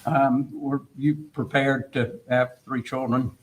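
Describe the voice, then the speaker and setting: A man questioning a witness in court as an attorney, in short measured questions. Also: mid-range voice, level tone, low-quality recording.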